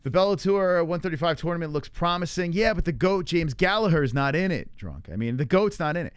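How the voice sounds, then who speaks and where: A man's voice: fairly high pitch, animated, brisk, clear, resonant tone, no echo. A man hosting a casual live stream, reading viewer comments and rambling loosely with lots of fillers and swearing. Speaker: livestream MMA show host. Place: home in Arizona.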